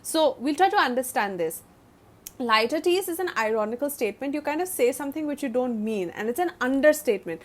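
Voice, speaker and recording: A woman's voice: high voice, animated, fairly quick. A woman with an Indian English accent teaching a literature lesson in a chatty, repetitive way with many fillers. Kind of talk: explaining a lesson.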